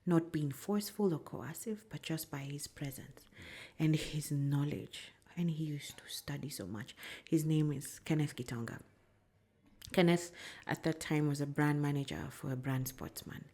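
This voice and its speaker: A woman with a Kenyan accent tells stories from her career in a casual interview. She talks in an animated way, laughs often and slips into Swahili phrases. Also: deep voice, normal speed. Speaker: brand strategist guest.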